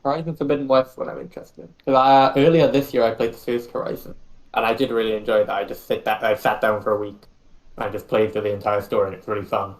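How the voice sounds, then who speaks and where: A man's voice: on the low side, fairly even intonation, quick pace, low-quality recording. Opinionated man in casual chat.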